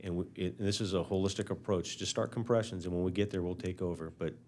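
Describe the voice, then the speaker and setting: A man speaking as fire chief at a council meeting, halting and full of filler words. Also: low voice, fairly even intonation, darkish tone, a little hiss or hum.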